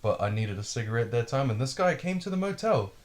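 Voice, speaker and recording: A man hosting a podcast, telling a wild story in a casual, profane, animated way. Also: mid-range voice, brisk. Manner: profane, animated, acts out quotes. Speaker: podcast host.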